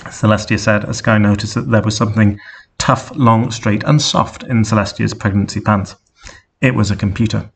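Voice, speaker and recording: A man reading a story aloud in a flat, deadpan way. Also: on the low side, moderate pace, gravelly, slightly rough. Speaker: reader.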